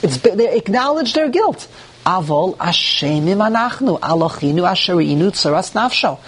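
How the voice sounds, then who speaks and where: Animated man teaching a Torah class. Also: sits high, moderate pace, husky. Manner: reads Hebrew verses aloud, then translates and explains them; animated, with rhetorical questions and mock dialogue.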